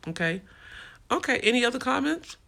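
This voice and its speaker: A woman's voice: on the high side, very animated, brisk, gravelly, pushed and bright. A woman hosting a casual livestream, frankly answering viewer comments in a streetwise way. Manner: frank and streetwise, swears freely. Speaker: livestream host.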